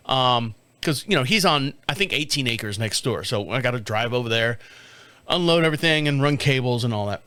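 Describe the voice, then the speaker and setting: A podcast host in his fifties tells a long, profane story in casual conversation, animatedly mimicking the people he quotes. His medium-pitched voice is smooth and brisk, with no room sound.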